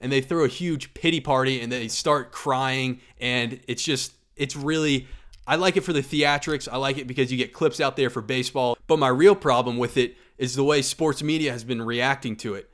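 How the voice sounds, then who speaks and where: A man in casual podcast commentary, talking sports with strong opinions. His voice sits at an ordinary middle pitch, and he gets riled up, stacking rhetorical questions as he argues. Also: moderate pace. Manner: animated, argumentative, rhetorical questions. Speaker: podcast host.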